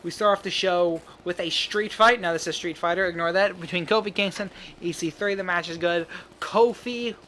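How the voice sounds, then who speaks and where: A man casually talking through an imagined wrestling show, rambling with quick asides and laughing at his own jokes. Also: sits high, fairly even intonation, bright, forceful tone, slight background noise. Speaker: fantasy booking commentator. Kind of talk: casual solo commentary.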